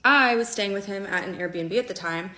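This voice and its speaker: A woman's voice: mid-range voice, moderate pace, bright, forceful tone. A woman recounting a personal story in a conversational way, often checking in with "okay?".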